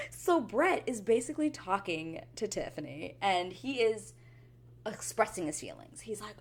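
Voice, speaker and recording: A woman hosting a chatty reality show recap, animated and quick to act out the people she talks about. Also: on the low side. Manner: animated, chatty, drops into quoted voices. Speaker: TV recap vlogger.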